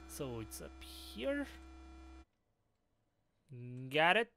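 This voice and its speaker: A man doing horror game commentary, swearing and breaking into sudden startled shouts. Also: a little high, sing-song, unhurried, gravelly, pauses often, no room sound. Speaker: gaming channel host.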